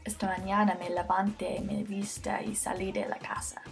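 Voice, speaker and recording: A woman's voice: mid-range voice, flat delivery, normal speed, gravelly, over loud music. A teenage girl giving a casual homemade Spanish grammar lesson, chatty and jokey, often sidetracked, speaking close to her computer mic. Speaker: amateur Spanish tutor. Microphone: computer webcam mic close up.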